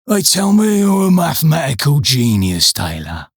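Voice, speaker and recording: A man voicing a gruff, lazy, middle-aged male army stores boss with a slow, drawling manner and slangy grammar in a comic audiobook. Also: sing-song, a bit bright, no echo, studio quality, heavily acted. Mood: lazy menace. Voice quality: gruff, low.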